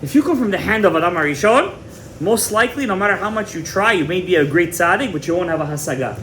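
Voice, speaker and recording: A man's voice: high voice, animated, fast, a bit bright, slight background noise. A man teaching a Torah class as a rabbi, retelling a story dramatically, repeating words and mixing in Hebrew terms. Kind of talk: animated storytelling lecture.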